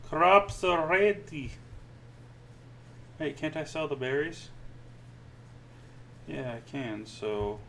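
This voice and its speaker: A man's voice: a little high, slow pace, long pauses, pushed and bright, a little hiss or hum, rough recording. A man giving casual gameplay commentary, musing aloud to himself with dry little asides.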